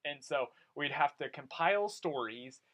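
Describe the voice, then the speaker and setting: Young man, podcast host, animated storyteller, slightly high voice. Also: a little slow, rough recording. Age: young adult. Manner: animated storyteller, swears casually. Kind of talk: casual chat.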